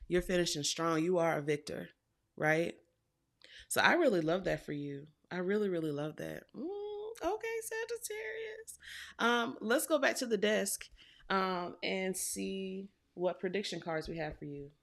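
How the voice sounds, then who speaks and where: A woman's voice: on the low side, moderate pace, creaky. A woman doing a casual tarot reading for viewers, chatty and affectionate, repeating phrases for emphasis. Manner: chatty and affectionate, addresses viewers as y'all and baby. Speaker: tarot reader.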